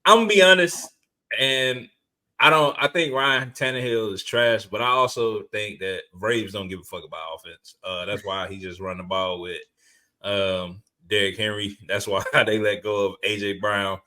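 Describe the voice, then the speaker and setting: A male podcast co-host riffs on football with slangy, profane trash talk. His voice sits on the lower side and keeps an easy, animated casual-chat tone. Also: normal speed.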